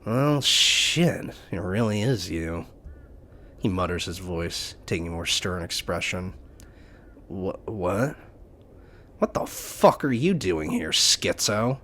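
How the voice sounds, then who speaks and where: A man's voice: sits low, animated, slow, bright, forceful tone, full character voice. A man voicing a small, jittery young male bat who swears a lot and gets defensive, read from a game. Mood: stern.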